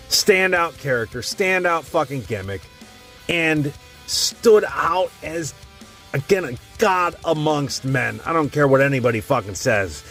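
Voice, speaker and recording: A man's voice: mid-range voice, fairly bright tone. Blunt, swearing man ranking wrestlers. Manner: blunt, rambling, swears constantly. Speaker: tier list host. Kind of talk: casual profane commentary.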